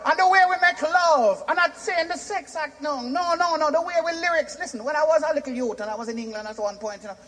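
A Jamaican man from Jamaica performing stand-up comedy, animated and shouting his punchlines in patois. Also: very high voice, quick pace, few pauses, a little hiss or hum.

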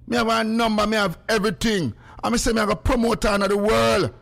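High-voiced Jamaican man, lively radio banter. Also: fast talker, vocal fry. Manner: patois, animated, bursts into singing and shouting. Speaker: radio host. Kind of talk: casual radio chat.

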